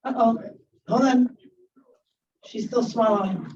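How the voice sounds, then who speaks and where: A woman's voice: a little high, takes it slowly, darkish tone. A woman acting as club sergeant at arms, joking as she reads out names and announcements at a meeting. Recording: distant muffled room recording, faint noise.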